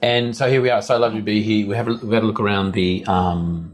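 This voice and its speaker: A man with an Australian accent hosting a podcast, chatting casually in a home office, often restarting sentences and clearing his throat. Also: on the low side, steady tone, quick pace. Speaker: podcast host. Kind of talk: casual interview chat. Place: indoor multi-purpose room in a home.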